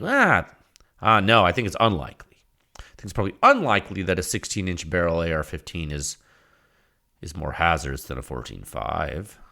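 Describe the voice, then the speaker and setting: A man hosting a podcast alone, rambling through a technical point in a loose, conversational way. His pitch rises and falls a lot as he talks, and he often trips over and repeats his words. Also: sharp tone. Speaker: podcast host. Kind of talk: solo podcast talk.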